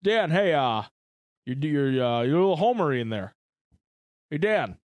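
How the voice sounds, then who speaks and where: A man putting on a tipsy halting director. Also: on the high side, sing-song, no room sound. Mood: cajoling. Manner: halting, hesitant, full of "uh". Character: slurring tipsy male studio director.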